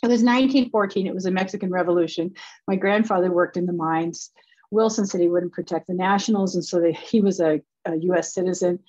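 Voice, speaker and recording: A woman's voice: fairly low pitch, fairly quick, dry recording. An older woman from Wisconsin with a light Wisconsin accent, giving an academic lecture over a video call in a chatty way with friendly asides. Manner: chatty, warm asides and laughs between points. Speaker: guest lecturer. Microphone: remote video call. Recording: dull, dry video call audio.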